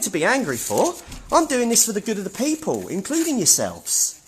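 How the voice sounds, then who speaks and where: Filming himself inside a public office building, an activist argues with staff in a high-pitched voice full of huge pitch swings. He talks briskly, sounding indignant and repeating himself, over slight background noise.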